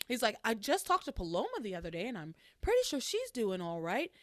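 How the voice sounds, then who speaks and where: A woman hosting a podcast alone, casually recapping soap opera episodes in a chatty, animated way. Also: a little high, a little fast, dry recording, studio quality. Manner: chatty, animated retelling with quoted lines.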